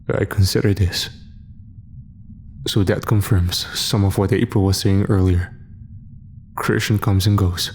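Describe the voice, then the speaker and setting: Male horror narrator, low steady voice, faint music under. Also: measured pace, pauses often, breathy edge. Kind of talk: scripted first-person horror narration.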